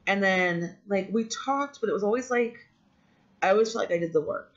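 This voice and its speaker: A woman's voice: mid-range voice, moderate pace. A woman vlogger telling a personal story in a candid, rambling way, with frequent ums and restarts. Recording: dull lo-fi audio.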